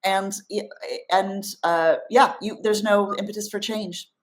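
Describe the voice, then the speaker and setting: A woman's voice: medium pitch, steady tone, a little slow. A middle-aged woman speaking as an interview guest, earnest and reflective, with frequent fillers and restarts. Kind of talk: casual conversational interview.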